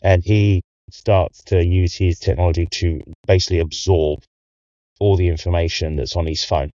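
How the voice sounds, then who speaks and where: A man playing a tabletop game, calmly describing his character's actions step by step. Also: low voice, normal speed, dry recording, muffled recording. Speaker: player.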